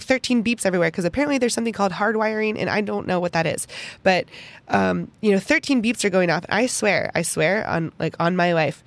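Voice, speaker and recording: A young woman hosting a podcast, telling a personal story in an animated, chatty way full of "like" fillers. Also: mid-range voice, dry recording. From Pittsburgh, United States. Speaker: podcast host.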